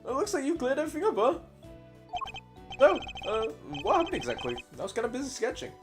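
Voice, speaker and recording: A man doing a loud, goofy guy. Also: huge pitch swings, quick pace, heavily acted. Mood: excited. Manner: loud, high and bouncy. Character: goofy, excitable young man, scatterbrained. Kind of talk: reading game dialogue aloud. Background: loud game music.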